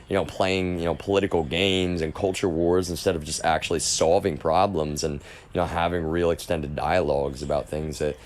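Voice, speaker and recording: A man's voice: sits low, a little hiss or hum. A young man, talking in a long, rambling monologue on a live stream. He repeats himself, restarts his sentences and leans hard on emphasis. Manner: repetitive, restarts often, emphatic.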